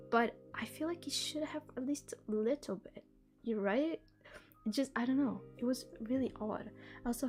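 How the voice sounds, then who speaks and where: With a slightly high voice and a dark tone, a young woman streamer runs reading sprints, chatting in a loose, giggly, rambling way that often restarts mid-thought.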